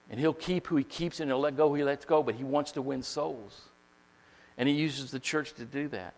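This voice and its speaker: A man preaching a sermon, leading the congregation in call-and-response and swinging from quiet asides to shouts. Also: medium pitch, moderate pace. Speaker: pastor. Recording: long hall reverb.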